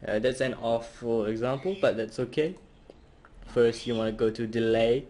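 A man's voice: medium pitch, normal speed, a little mellow. A man hosting a casual home tutorial, hesitant and full of fillers. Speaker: tutorial host.

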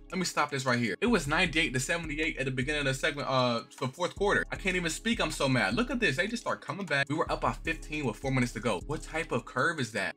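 A fast-talking man with a bright, forceful voice calls out a basketball video game as he plays it. He is excitable and slangy, and he jumps into sudden loud outbursts. Faint game music sits behind him. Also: medium pitch. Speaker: gaming streamer. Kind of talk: live gameplay commentary.

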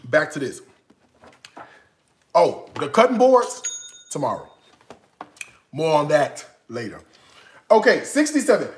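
A man hosting a live-stream cooking show, excitable and playful, swinging from hushed asides to loud bursts. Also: a little high, takes it slowly, pauses often. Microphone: live-stream setup.

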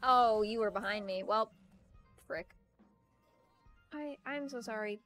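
Young female streamer, slightly high-pitched, chatty and rambling with frequent laughs, soft music underneath. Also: slow pace. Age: young adult. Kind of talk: casual gaming stream chat.

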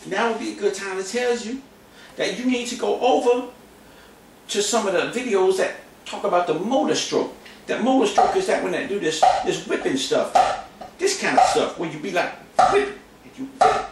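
A man's voice: high-pitched, lively intonation, normal speed, very noisy. A man giving a goofy, casual drum lesson, joking and repeating himself in mock-boastful bursts. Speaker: drum teacher. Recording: very echoey room, camera mic from a distance.

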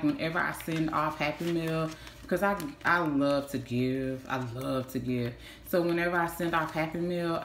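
A woman, chatting warmly in a casual vlog, gushing and repeating herself, saying y'all a lot. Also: sits low. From Texas. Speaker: vlogger. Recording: echoey room with faint hiss.

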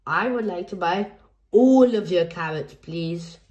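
A woman's voice: lowish voice, measured pace, a little mellow, muffled recording, natural voice. A woman voicing a friendly mother rabbit shopper who sounds polite and admiring. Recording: roomy echo.

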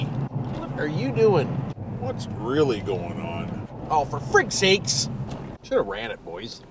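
An older man with an Ontario Canadian accent, chatting while he drives and joking crudely with catchphrases he repeats. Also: on the high side. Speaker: vlogger. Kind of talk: casual vlog chat while driving. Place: inside a car while driving. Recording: distant mic with loud car noise.

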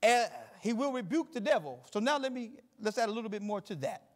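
Man, middle-aged, pastor, sermon, very high-pitched, emphatic repetition, slow scripture reading. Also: expressive.

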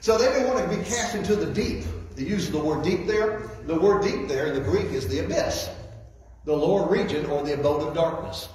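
On the high side and a little mellow, this guest preacher's voice runs animated and a little fast. In a church hall he builds his points folksily, repeating words along the way, recorded from a distance in echoey space with faint noise.

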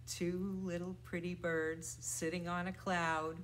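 Playful children's librarian woman, very slow. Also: fairly low pitch, little pitch movement. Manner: playful, exaggerated loud and soft voices for toddlers. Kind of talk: storytime rhymes and picture-book reading.

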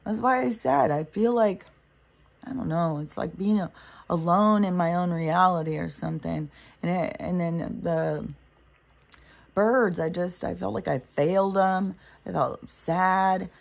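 A woman's voice: on the low side, unhurried, gravelly. A woman vlogger in a casual spiritual monologue, rambling and swearing often.

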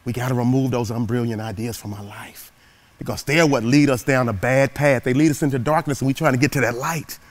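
A man giving a motivational speech through storytelling, animated and dramatic, swinging from loud peaks to hushed asides. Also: medium pitch, a little fast. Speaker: motivational keynote speaker.

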